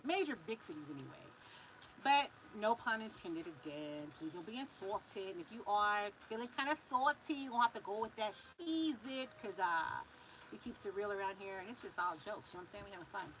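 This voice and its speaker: A Californian woman giving a live spiritual reading in a loose, animated way, drawing words out, humming and affirming between messages. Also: on the low side, background noise. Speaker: spiritual reader.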